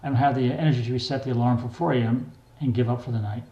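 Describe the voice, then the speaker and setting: An older man reads his own memoir aloud in a plain, wry, unhurried way. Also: medium pitch, steady tone, mellow, dull audio. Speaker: memoir reader. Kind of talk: memoir narration. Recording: echoey room.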